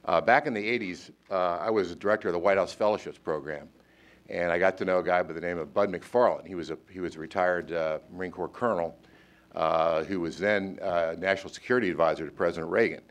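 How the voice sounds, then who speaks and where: Deep-voiced older man, halting. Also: steady tone. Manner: halting, lots of uhs. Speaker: event host. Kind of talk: closing remarks and anecdote.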